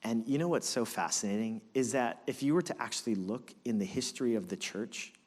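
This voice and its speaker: A man preaching as pastor, telling a story with animated, dramatic delivery. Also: mid-range voice, brisk, long reverb tail. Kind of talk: sermon.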